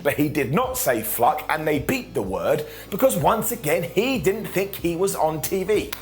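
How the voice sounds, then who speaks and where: A man's voice: a little high, big pitch swings, normal speed, a little mellow. A man reviewing a wrestling show in a joking, sarcastic way, often quoting people in mock voices. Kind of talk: animated wrestling recap.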